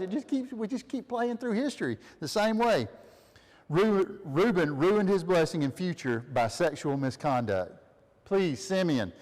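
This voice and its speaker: A man's voice: on the high side, darkish tone, long reverb tail. A man leading a family Bible study, reading scripture aloud and asking his listeners questions with frequent laughs. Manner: reads aloud, then asks listeners questions and laughs often.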